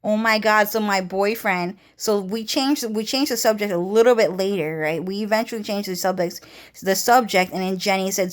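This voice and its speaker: A woman vlogger talking straight through a personal story in a casual monologue. She rambles, repeats herself and swears heavily. Her voice sits at an ordinary pitch for a woman. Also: normal speed. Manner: rambling, heavily profane, repetitive.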